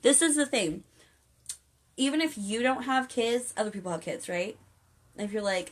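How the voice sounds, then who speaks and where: At home on a spiritual livestream, a young woman reads viewers' comments aloud and rambles along, coaxing and encouraging them in an earnest way. Her voice is on the high side at normal speed, and she pauses often. She's picked up by a phone or webcam.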